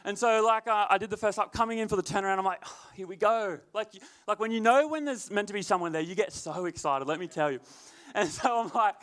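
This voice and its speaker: Before a sermon, a young adult youth leader spins a chatty, laughing story full of casual fillers. His voice sits high and a bit bright, and he speaks a little fast in a relaxed way.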